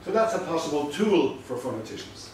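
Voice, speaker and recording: A man's voice: fairly high pitch, very animated, a little fast, slight background noise. A man giving a university lecture, explaining patiently with the odd dry aside. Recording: very echoey room, mic far off.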